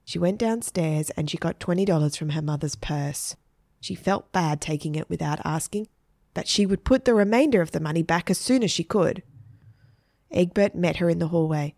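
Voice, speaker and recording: A woman narrating a children's story in a steady, clear reading voice. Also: fairly low pitch, normal speed, dry recording, clean studio sound.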